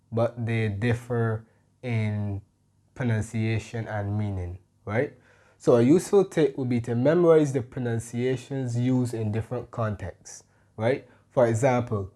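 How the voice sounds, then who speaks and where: A man's voice: mid-range voice, mellow. A man teaching an English grammar lesson, explaining patiently and often checking in with "right?". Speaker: English tutor.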